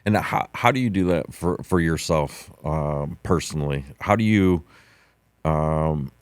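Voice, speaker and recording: A podcast host with a very deep, smooth voice, recorded dry and close. He asks halting, searching questions and answers with short encouraging replies. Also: dry recording. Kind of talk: podcast interview.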